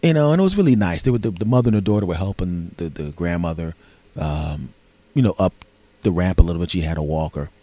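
A male podcast host telling a comic story in a sarcastic, animated way, often breaking into loud, high impressions of his friends. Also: quick pace, no room sound.

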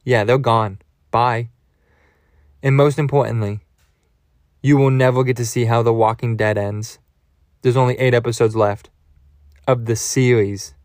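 A man's voice: mid-range voice, steady tone, measured pace, long pauses, a little mellow, no room sound, studio quality, close to an everyday voice. A man voicing the puppet monster Grover as a crude, threatening ranter. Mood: menacing rant. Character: blue male puppet monster, menacing then silly.

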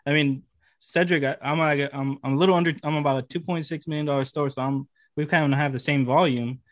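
A man's voice: a little high, fairly even intonation, fast talker, dry recording, studio quality. A man co-hosting a podcast interview, talking in an emphatic, heartfelt way and repeating phrases for emphasis. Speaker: podcast co-host. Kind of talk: casual interview chat.

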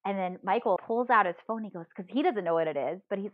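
Animated, laughing woman storyteller. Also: mid-range voice, fast, no room sound, narrow, tinny audio. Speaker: podcast co-host. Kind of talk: casual chat.

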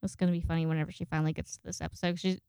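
A woman's voice: lowish voice, flat delivery, very fast, creaky, dark tone, clean tone, no echo, studio quality. A woman hosting a podcast in casual solo chat. She rambles, swears freely and acts out the people she quotes. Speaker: podcast host.

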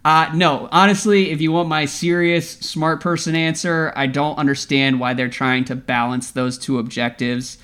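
Brief: male podcast co-host, slightly high voice, rambling self-deprecating sports chat. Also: little pitch movement, normal speed, hardly any pauses, a bit bright, clear, resonant tone.

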